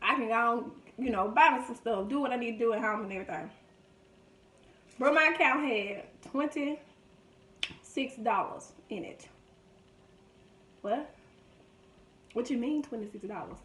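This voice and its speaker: High voiced woman vlogging, dramatic storytelling, roomy echo. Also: measured pace, pauses often, a little hiss or hum. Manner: animated, dramatic retelling with loud laughing outbursts. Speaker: mukbang vlogger. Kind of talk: storytelling while eating. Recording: echoey room.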